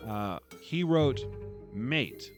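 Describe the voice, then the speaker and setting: A man's voice: mid-range voice, expressive, extremely slow, music in the background. A man hosting his own book review channel, delivering a scripted, wry and mocking critique.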